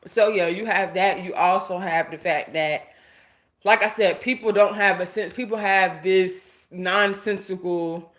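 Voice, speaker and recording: A woman's voice: mid-range voice, moderate pace. A woman live streaming, ranting casually and bluntly to her viewers, talking to the chat and swearing freely. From United States. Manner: blunt, animated, talks straight to viewers and chat. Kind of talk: casual livestream rant.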